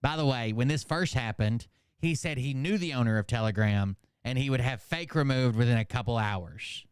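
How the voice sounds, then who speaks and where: A man's voice: mid-range voice, moderate pace, clear, resonant tone, no room sound, clean studio sound. A man hosting a reaction channel, mocking and swearing as he comments on a clip. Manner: mocking, profane.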